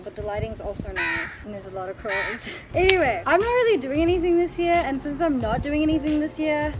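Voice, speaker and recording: A woman's voice: high voice, very noisy. A young adult woman chatting casually to the camera in a vlog, giggly and full of "like" fillers. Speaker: vlogger. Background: background music.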